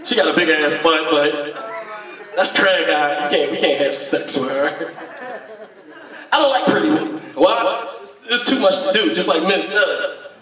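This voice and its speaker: A man performing a stand-up comedy set, animated and profane, often laughing as he talks. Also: a little high, unhurried. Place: room at a recovery meeting. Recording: echoey room, distant mic, crowd laughter. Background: audience laughter.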